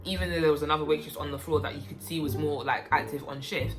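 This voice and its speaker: A young woman telling a story about her waitressing job in a casual, animated way, breaking into loud, high-pitched outbursts. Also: quick pace. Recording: music playing behind.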